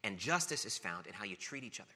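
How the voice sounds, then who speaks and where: A man's voice: lowish voice, sing-song, quick pace, pushed and bright. A man preaching a sermon, telling family stories with playful self-mockery before turning to teaching. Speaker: pastor. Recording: long reverb of a large hall.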